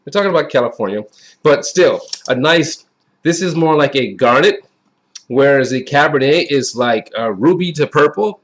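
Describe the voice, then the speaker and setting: A man's voice: fairly high pitch, animated, moderate pace. Chatty folksy man reviewing wine. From Wisconsin. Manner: chatty, folksy, repeats himself.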